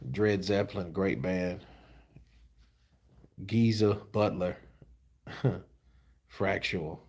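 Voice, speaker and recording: Low-key, tired, low-voiced man. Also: a little slow. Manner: slangy, laid-back, trailing off. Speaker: host of a boxing news channel. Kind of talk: casual commentary reading viewer comments.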